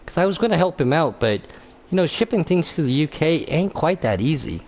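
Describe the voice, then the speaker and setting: A man's voice: on the high side, very animated, brisk, darkish tone. A man giving live sim racing commentary as host, rambling and joking with plenty of filler words. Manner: rambling, jokey, lots of fillers. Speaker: race commentator.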